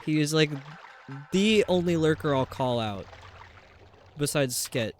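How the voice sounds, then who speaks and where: Chatty male game streamer, voice slightly high. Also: expressive, measured pace, slight background noise. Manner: rambling, chats to viewers while puzzling over the game. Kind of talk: casual live-stream chat while gaming.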